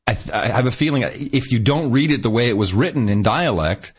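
A man's voice: mid-range voice, animated, brisk, husky. A man co-hosting a podcast in casual chat, rambling and restarting his sentences, often laughing. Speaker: podcast co-host.

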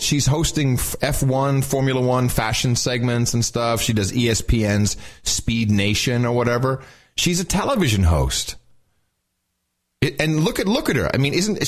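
A man's voice: mid-range voice, lively intonation, moderate pace. A man co-hosting a podcast, chatting casually and joking with lots of restarts. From Texas. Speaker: podcast co-host. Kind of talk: casual chat.

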